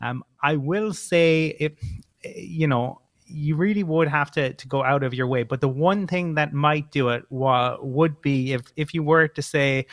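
A man's voice: fairly high pitch, unhurried, no room sound, studio quality. Wry Irish man from Cork. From Ireland, Cork. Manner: wry, chatty, storytelling. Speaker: guest. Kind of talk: casual podcast chat.

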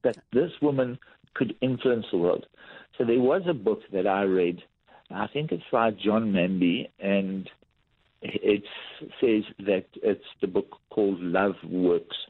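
A man's voice: fairly low pitch, takes it slowly, breathy edge, dry recording. A man, a lifestyle coach, telling workplace anecdotes in a podcast interview, acting out what people said. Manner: animated anecdotal storytelling with acted-out quotes. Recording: tinny phone-like line.

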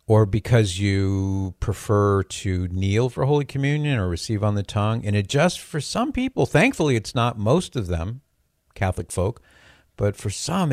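A man's voice: lowish voice, a little mellow, dry recording, studio quality. An older man hosting a radio call-in show, chatty and joking with a lightly sarcastic edge. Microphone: studio microphone.

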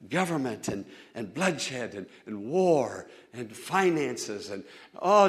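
A man preaching a sermon as pastor, fervent, moving between hushed storytelling and loud exhortation. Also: mid-range voice.

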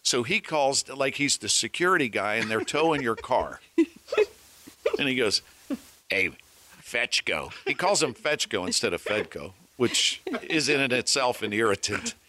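A man, a former weatherman and radio host, telling lively anecdotes to colleagues and acting out the voices of the people in them. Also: mid-range voice, normal speed, slight background noise. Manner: animated storyteller acting out voices. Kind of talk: anecdotal storytelling among colleagues.

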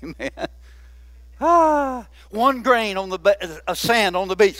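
A man preaching a sermon, often asking the congregation "Amen?" and slowing down to stress key words. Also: sits high, animated, fairly bright tone, dry recording. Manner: call-and-response preaching with frequent "Amen?". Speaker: pastor.

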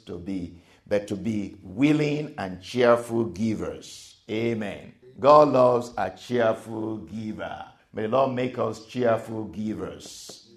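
A man preaching a sermon, repeating each point and swinging between soft and loud emphasis. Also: mid-range voice.

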